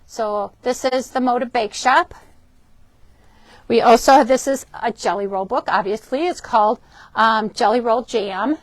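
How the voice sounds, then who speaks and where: A woman hosting a shop's live quilting show, chatty and upbeat, often pausing with ums as she shows fabrics and books. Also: a little high, dry recording. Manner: chatty, upbeat, frequent ums and self-corrections. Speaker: shop host presenting fabrics and books. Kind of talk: casual product demo for a live stream. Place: indoors in a fabric shop.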